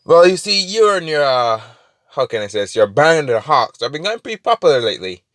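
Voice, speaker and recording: Man doing a smooth-talking criminal middleman. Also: medium pitch, sing-song, fast talker, fairly bright tone, no room sound, studio quality. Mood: persuading.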